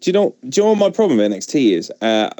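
A man's voice: mid-range voice, big pitch swings, racing, mellow, no echo, clean studio sound. A young English man with an English accent hosting a podcast in casual, blunt, joking chat. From England. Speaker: podcast host.

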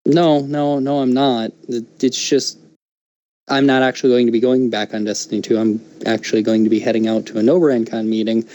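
A man's voice: mid-range voice, little pitch movement, brisk, warm tone. A man co-hosting a podcast in easygoing, casual chat. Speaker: podcast co-host.

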